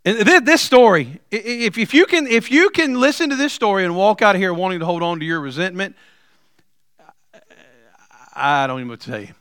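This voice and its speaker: A middle-aged man preaching a sermon, telling stories with humor and building to loud, emphatic points. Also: sits high, expressive, fairly quick, clean tone, dry recording, clean studio sound. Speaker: pastor.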